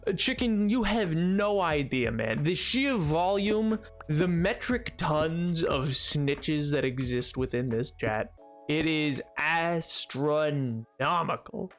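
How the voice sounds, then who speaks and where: A man's voice: fairly high pitch, expressive, slow, soft background music. A man streaming a game, chatting casually with a rambling, playful, self-mocking way of talking. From United States. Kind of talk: casual livestream chat while gaming.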